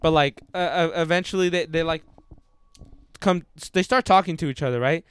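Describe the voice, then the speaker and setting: A man's voice: a little high, brisk, smooth. A young man co-hosting a casual podcast chat, rambling and swearing as he retells a book he's reading. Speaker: podcast co-host.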